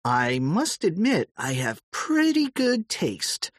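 A cocky kid brags and marvels in a lively storybook voice, put on by a man. The tone sits high and bounces up and down, heard close and dry with a breathy tinge. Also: slow, no room sound, exaggerated voice. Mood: eager. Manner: boastful and eager. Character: cocky young boy, George. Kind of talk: audiobook character voice.

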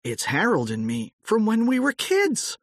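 A man's voice: a little high, big pitch swings, slow, pushed and bright, no room sound, clean studio sound, voice pushed up, full character voice. A man voicing a flustered man in his thirties in an audiobook, exclaiming in surprise. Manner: startled, exclaiming. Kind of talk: audiobook character voice.

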